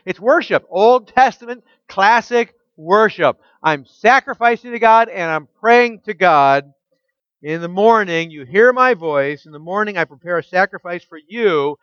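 High-voiced preaching man, rhetorical. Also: lively intonation, a little slow, clean tone, no echo, highs cut off. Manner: emphatic, full of rhetorical questions, drops soft when quoting scripture. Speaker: pastor. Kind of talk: sermon.

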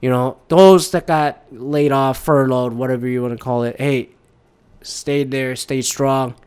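A young man giving a blunt, profane political rant, excitable and prone to restarts. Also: mid-range voice, a little slow, clean tone. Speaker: commentator.

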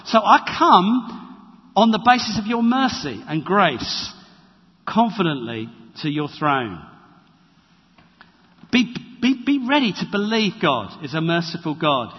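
A husky man preaches in a lively, high voice that swings up and down. His talk is conversational and animated. A long church reverb trails his words, and the recording is dull and lo-fi. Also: measured pace. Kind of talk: sermon. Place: church hall.

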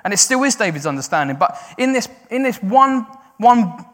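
A man preaching in a church hall. His voice sits a little higher than most men's and carries a long reverb from the hall. He moves from loud, raised cries back down to a quiet, chatty delivery. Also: sing-song, moderate pace. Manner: builds to loud cries when quoting, then drops quiet and conversational. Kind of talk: sermon.

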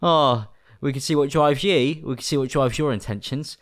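A man's voice: medium pitch, normal speed, close to an everyday voice. A man voicing an imagined viewer who mocks him with sarcastic disbelief. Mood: mocking. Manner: sarcastic, teasing. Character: mocking incredulous imagined viewer.

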